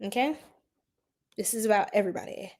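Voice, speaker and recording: A woman's voice: mid-range voice, fairly quick, a little mellow. A woman hosting an astrology livestream in casual, slangy chat, laughing often and reacting to viewers' comments.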